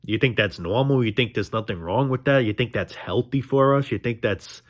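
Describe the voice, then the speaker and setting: A man's voice: medium pitch, moderate pace. A young man ranting in a casual vlog monologue, frustrated and profane, rambling with restarts. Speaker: vlogger.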